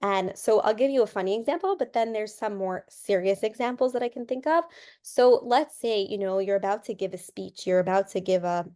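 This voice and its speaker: A woman's voice: mid-range voice, fairly quick, mellow. A woman, a guest counselor and coach, talking casually in an interview and explaining ideas through examples, often repeating a word as she restarts.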